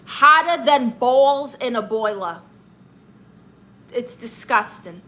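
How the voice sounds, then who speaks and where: A woman's voice: fairly high pitch, animated, sharp tone, heavily acted. A woman in character as a brash Brooklyn aunt who calls herself a therapist, reading viewer comments on a comedy livestream with sassy comebacks. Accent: Brooklyn New York. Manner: sassy, brassy, quick comebacks.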